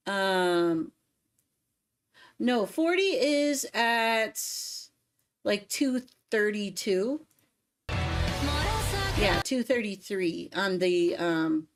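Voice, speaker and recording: A woman hosting a music livestream, chatting casually and singing lines to test lyrics, often poking fun at herself. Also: medium pitch. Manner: self-deprecating, sings lyric lines to test them. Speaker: livestream host, singer.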